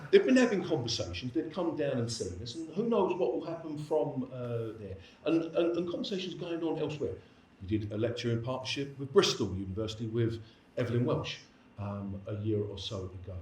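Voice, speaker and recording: A man's voice: medium pitch, a little hiss or hum. A man giving a lecture and answering questions in a chatty, anecdotal way, with many restarts. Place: lecture hall. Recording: echoey hall, distant mic.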